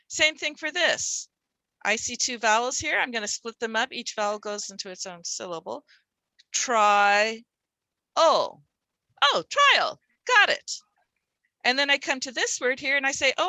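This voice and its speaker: A woman who trains literacy teachers presents a workshop, slowly sounding out words and stretching syllables to demonstrate. Her voice is bright and slightly high, recorded close and dry with no room echo.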